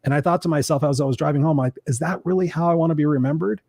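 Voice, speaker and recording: A life coach tells his story at a rapid clip, animated and candid, with casual swearing. His voice is dry and close, with no room around it. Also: fairly high pitch, vocal fry, slightly rough, dry recording. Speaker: coaching guest.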